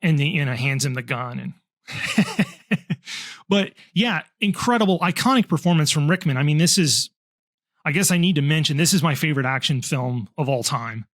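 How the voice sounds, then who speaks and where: A man's voice: a little high, moderate pace, a bit bright, dry recording, studio quality. A man co-hosting a film podcast, talking enthusiastically and explaining background at length in casual chat. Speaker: podcast co-host.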